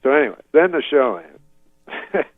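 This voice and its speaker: A man from Canada, a comedian appearing as a talk show guest, telling a long anecdote in a halting, deadpan way. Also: a little high, no room sound, phone-quality sound. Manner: halting, deadpan, full of fillers and restarts. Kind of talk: casual rambling anecdote.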